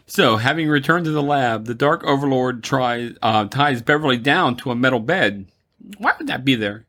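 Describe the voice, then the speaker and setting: A man's voice: mid-range voice, lively intonation, moderate pace, pushed and bright. A man co-hosting a casual podcast, recapping a film plot with wry asides. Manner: wry, summarizes plot then riffs. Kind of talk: casual chat.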